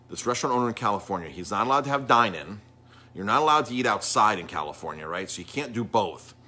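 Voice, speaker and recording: A man's voice: sits low, sharp tone, slight background noise. A middle-aged man, a chef and restaurant owner talking casually on a live stream, rambling with lots of ums and restarts.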